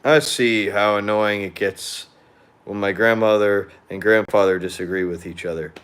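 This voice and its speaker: A man's voice: lowish voice, steady tone, normal speed, fairly bright tone, smooth. Young male vlogger, casual venting monologue, rambling, swears freely, beer in hand. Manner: blunt and profane, rambling; drinking beer while chatting.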